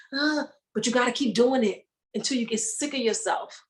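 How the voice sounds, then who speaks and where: Animated comedian woman, higher voice. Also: normal speed, rough recording. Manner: animated, acts out voices and sounds. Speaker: comedian, guest. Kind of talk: casual chat.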